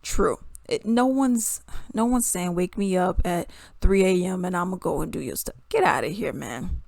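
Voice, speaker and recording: A commentary vlogger rants casually to her viewers, animated and exasperated, laughing between points. Her voice is fairly low and creaky, at a normal speed, captured in a dry recording.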